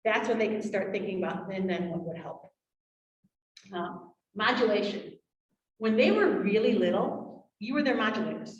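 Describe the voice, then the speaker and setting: A woman's voice: medium pitch, normal speed, muffled recording. Woman presenting to parents in a room. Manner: animated, acts out parent and child quotes. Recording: roomy, from far off.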